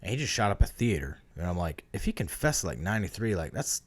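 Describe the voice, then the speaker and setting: A man's voice: low voice, very animated, quick pace, breathy edge. Lage, rommelend pratende man. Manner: rambling, profane, laughs often. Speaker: podcast co-host. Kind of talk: casual chat.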